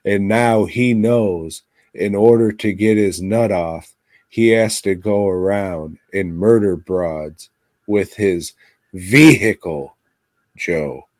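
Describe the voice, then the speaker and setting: Podcast co-host, male, low-pitched and unhurried, crude, sarcastic outbursts. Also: no echo. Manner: profane, sarcastic, animated outbursts. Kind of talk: crude casual film chat.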